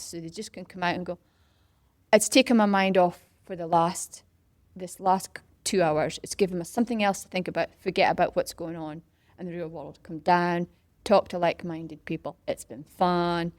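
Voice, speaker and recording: A woman's voice: fairly low pitch, no room sound. A middle-aged Scottish woman in a casual interview, chatting about starting a community run and acting out what people said. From Scotland. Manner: animated storytelling, acts out quoted voices. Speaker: parkrun founder.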